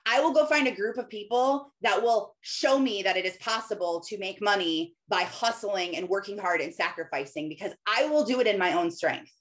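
A woman's voice: medium pitch, normal speed, few pauses, a bit bright. A woman in her thirties giving an earnest, conversational talk about faith to her followers, slipping into quoted voices as she goes. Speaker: Christian business owner sharing faith.

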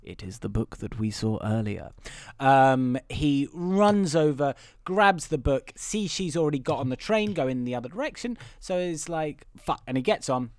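A man's voice: medium pitch, expressive, moderate pace, a little mellow, dry recording. A man co-hosting a podcast, casually recapping a film plot and acting out little quotes. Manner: chatty storyteller, acts out quotes. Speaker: podcast co-host.

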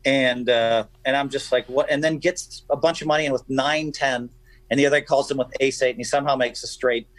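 A man guesting on a radio show, telling stories in an animated, emphatic way. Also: mid-range voice, fairly quick, no echo, rough recording. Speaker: guest poker player. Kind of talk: casual radio chat, storytelling.

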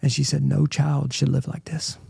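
A man's voice: a little high, monotone, normal speed, vocal fry, mellow, breathy edge, dry recording, studio quality. A middle-aged man, a guest in an interview, telling an emotional personal story in an earnest way and often checking in with "right?".

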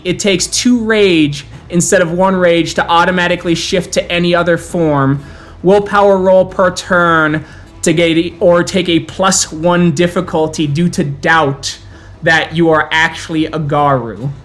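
A man serves as storyteller for a tabletop horror game, describing scenes and explaining rules. His delivery is measured and descriptive, at times drawn out for weight. Faint music plays underneath. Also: a little high, fairly bright tone.

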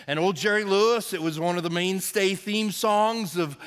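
A man's voice: high voice, moderate pace, a bit bright, clean tone. A male pastor giving a sermon in a folksy, chatty way, joking with the congregation. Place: church service.

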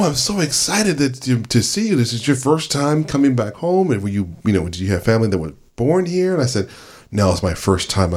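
A man's voice: low-pitched, a little mellow. A man hosting a family conversation, telling a story and acting out the voices of the people he quotes. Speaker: host.

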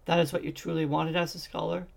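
A man's voice: fairly high pitch, level tone, fast talker, gravelly. A man voicing a bird-like, inquisitive male scholar who asks probing questions.

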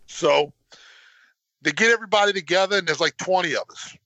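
A man telling a story in casual chat, swearing constantly and getting animated as he goes. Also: normal speed, dry recording. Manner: animated, voice climbs high when worked up. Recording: dull lo-fi dry sound.

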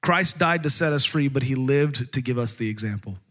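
A man's voice: mid-range voice, lively intonation, moderate pace, sharp tone. A man from Texas, preaching a sermon in a joking, conversational way full of rhetorical questions. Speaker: pastor.

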